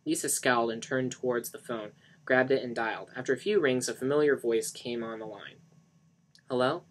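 A man's voice: medium pitch, fairly even intonation, brisk. A man narrating a novel aloud in a dramatic book reading, with occasional slips. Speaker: reader of a novel.

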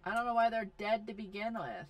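A woman's voice: mid-range voice, expressive, a little fast. Exasperated woman narrating her game. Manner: exasperated, bossing game characters around. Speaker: gaming video host. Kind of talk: casual gameplay commentary.

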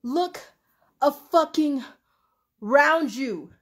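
A young woman ranting on a livestream, emotional and profane, swinging between shouting and laughter. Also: sits high, a little slow. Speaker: livestream host. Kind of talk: impassioned livestream rant.

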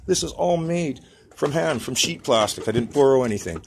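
A man's voice: mid-range voice, expressive, normal speed, creaky, slight background noise. A man from Canada ranting in a rambling vlog from his workshop, swearing constantly and agitated as he shows off his model builds. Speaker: self-employed model builder.

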